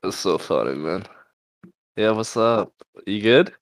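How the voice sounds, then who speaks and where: A man's voice: on the low side, lively intonation, slow, no room sound, studio quality. A young man hosting a podcast, chatting casually in a laid-back way, swearing and laughing often. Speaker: podcast host. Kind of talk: casual chat.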